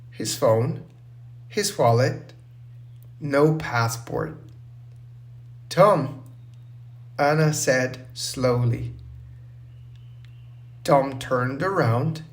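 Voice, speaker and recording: A man narrating a simple story for English learners, slow, clear and deliberate. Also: mid-range voice.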